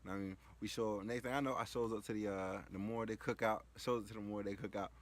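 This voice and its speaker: A man's voice: fairly low pitch, fairly even intonation, racing. A man casually telling a story, rambling and slangy, with lots of filler phrases. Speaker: vlogger.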